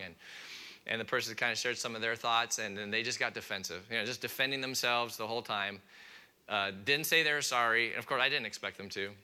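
A man preaching a sermon in an animated way, acting out his listeners' objections in a raised voice and dropping quiet on key points. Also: medium pitch, fairly quick, smooth. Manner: drops to a quiet, soft delivery on key points. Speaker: pastor.

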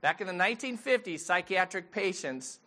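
A man's voice: sits high, lively intonation, normal speed, pushed and bright. A middle-aged man, a pastor giving a sermon in a conversational storytelling way and asking the audience questions.

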